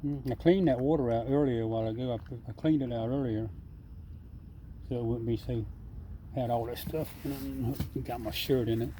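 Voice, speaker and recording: A man's voice: mid-range voice, fairly even intonation, normal speed, warm tone, a little hiss or hum. A man talking casually outdoors at night, coaxing and teasing an animal in a folksy, easygoing way. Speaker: backyard wildlife feeder. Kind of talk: casual talk to an animal while filming. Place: outdoors at night by a water drum.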